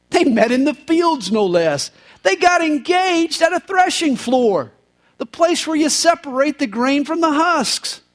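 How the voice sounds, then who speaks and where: Punning pastor with a high voice. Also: male voice. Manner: folksy punning humor. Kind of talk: sermon. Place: church service, live.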